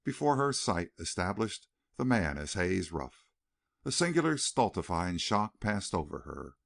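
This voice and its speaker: A man narrating a western novel as an audiobook, reading in an expressive, dramatic way. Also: deep voice, a little slow, gravelly. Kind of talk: scripted narration.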